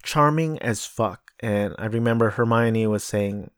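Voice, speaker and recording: A man's voice: fairly low pitch, measured pace, smooth, no room sound, clean studio sound. An American man rambling through casual solo commentary, a bit profane, looking things up aloud as he goes. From United States. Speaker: podcast host.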